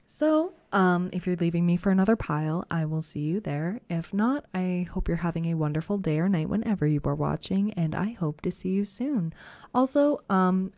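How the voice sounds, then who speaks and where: A woman giving a casual, chatty pick-a-card tarot reading, reassuring and full of fillers, her voice a bit rough today. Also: fairly low pitch, mellow, no echo. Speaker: tarot reader.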